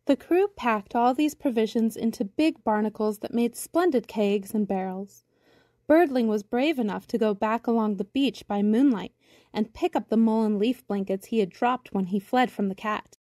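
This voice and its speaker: A woman reading a children's storybook aloud in a gentle, measured narration. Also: fairly high pitch, no room sound, studio quality.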